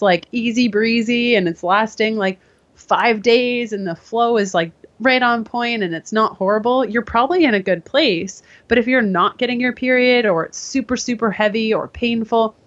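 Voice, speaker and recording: Lively woman telling her story, lo-fi sound. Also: on the high side, moderate pace. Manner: animated, acts out quoted voices. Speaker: guest. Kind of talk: casual interview storytelling. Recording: dull lo-fi sound.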